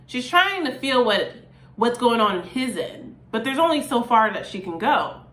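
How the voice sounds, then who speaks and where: A woman's voice: a little high, normal speed, echoey room. A woman hosting her own channel, talking casually and expressively through song lyrics with lots of "like"s. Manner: chatty, expressive, many "like"s. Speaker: YouTube host reacting to song lyrics.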